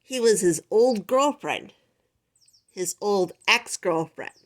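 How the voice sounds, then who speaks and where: A woman reading a children's picture book aloud with expressive, animated storytelling. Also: medium pitch, slow. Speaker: storybook reader.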